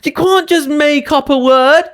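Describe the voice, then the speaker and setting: A man's voice: extremely high pitch, measured pace, a bit bright, pitched above the performer's own voice. A man voicing a condescending internet commenter in a whiny, know-it-all tone. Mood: mocking.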